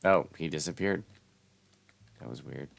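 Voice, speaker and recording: A man's voice: rumbling low, unhurried, vocal fry. A man chatting casually and rambling while streaming a game with friends. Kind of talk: casual gameplay chat.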